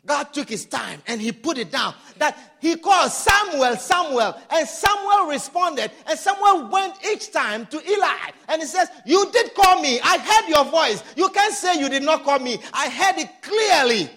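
A man preaching a sermon, shouting some lines and drawing others out slowly for emphasis. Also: very high voice, sing-song. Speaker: pastor.

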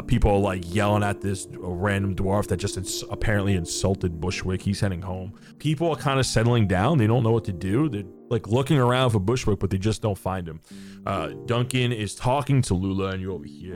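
A man running a tabletop game, narrating loosely with lots of "like" and "uh". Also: fairly low pitch. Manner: loose, filler-heavy, "like" and "uh". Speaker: game master. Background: background music.

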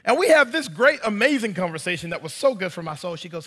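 A man's voice: high voice, sing-song, fast talker, few pauses, a bit bright, big-room sound. A man in his thirties preaching a sermon in church, telling a story animatedly and addressing the congregation as y'all. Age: 30s. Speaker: pastor.

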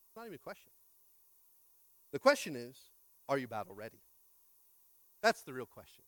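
A man preaching an energetic sermon as pastor, swinging from hushed prayer to loud calls and often asking the congregation to respond. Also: medium pitch, brisk, pauses often, no echo.

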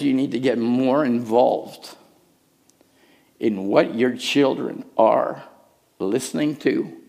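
A middle-aged man preaching a sermon as pastor, telling a story with hushed asides and raised, urgent lines. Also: medium pitch, gravelly. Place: church.

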